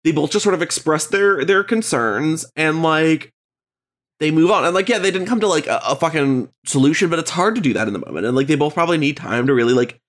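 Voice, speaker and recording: A man co-hosting a podcast in casual chat, congested and tired, rambling and hesitant with quick laughs. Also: on the high side, animated, a bit bright. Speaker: podcast co-host.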